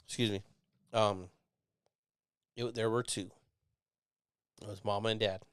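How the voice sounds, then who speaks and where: A man's voice: fairly low pitch, dry recording, clean studio sound. A man, telling a rambling, profane story on his live show and mimicking neighbors in raised voices.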